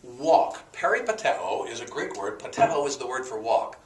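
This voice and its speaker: A man's voice: mid-range voice, expressive, normal speed, recorded from a distance, slight background noise. A man teaching a sermon, explaining words one by one in a folksy way with fillers and a joke. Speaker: pastor. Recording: echoey room, voice from off the mic.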